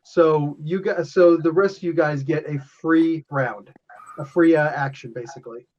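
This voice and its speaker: A man's voice: fairly high pitch, normal speed, a little mellow. A man acting as game master, explaining the rules loosely and laughing often. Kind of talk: running a tabletop game. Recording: dull lo-fi sound.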